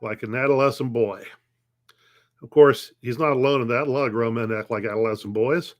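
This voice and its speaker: A man's voice: mid-range voice, fairly even intonation, brisk. A middle-aged man pastor teaching a conversational Bible lesson, posing questions and answering them, often restarting phrases. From United States.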